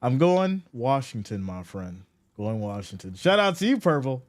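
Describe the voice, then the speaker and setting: A man's voice: big pitch swings, normal speed. Hyped male live-stream host. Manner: hyped and loud, then drops to soft low asides; reads viewer chat aloud. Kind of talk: casual live-stream chat. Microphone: streaming microphone.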